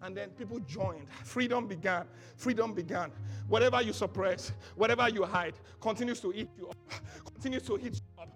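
A man preaching a sermon as pastor, swinging between shouted bursts and soft asides, leading the congregation in call-and-response. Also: sits high, brisk, faint music behind.

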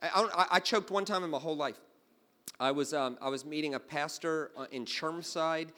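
A man preaching a sermon, telling stories and swinging from quiet asides to loud exclamations. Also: a little high. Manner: storytelling, jumping from hushed to loud exclaiming. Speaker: pastor.

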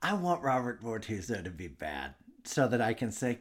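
Animated joking male podcast co-host. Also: normal speed, few pauses. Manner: excitable, jokey, laughs often, big pitch jumps. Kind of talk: casual sports chat.

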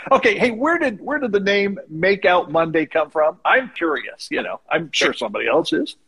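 A male radio host with a high, husky voice, keeping the talk upbeat. He asks rambling, friendly questions and pays compliments freely. The tone stays casual throughout. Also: very animated, normal speed, bright, forceful tone. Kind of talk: casual interview chat.

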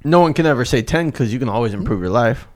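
A man chatting as a podcast guest, easygoing and quick to laugh, swearing casually. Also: medium pitch, lively intonation.

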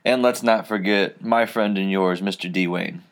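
A man hosting a casual wrestling podcast, telling a long story in a relaxed, rambling way with many fillers. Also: low-pitched, normal speed. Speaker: podcast host.

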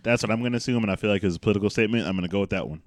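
Low-voiced guy talking super fast, pitch bouncing around, dry close sound. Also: no echo. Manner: rapid, defensive interjections. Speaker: podcast co-host. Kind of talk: casual chat.

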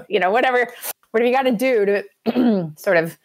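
A woman's voice: a little high, normal speed. A woman hosting an advice podcast, giving encouraging, coaching advice in casual chat with many fillers.

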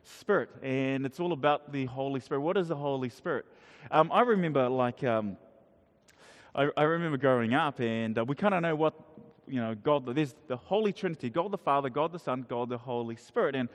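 A man's voice: medium pitch, fairly quick. A middle-aged man preaching a casual sermon to a congregation, talking conversationally with many restarts and questions to the audience. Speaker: pastor. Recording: long hall reverb.

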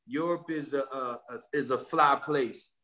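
Animated D.C. rapper, bright voice. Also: male voice, medium pitch, unhurried. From Washington, D.C. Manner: animated, streetwise storytelling with slang. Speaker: guest rapper. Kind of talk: casual podcast interview.

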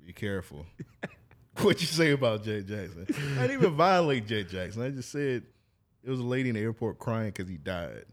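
A man with a very deep, low voice holds up his end of a podcast with relaxed, slang-heavy banter. He sounds like he is in his thirties and jokes easily with his co-host. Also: a little fast. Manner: laid-back, joking, heavy slang. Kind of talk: casual chat.

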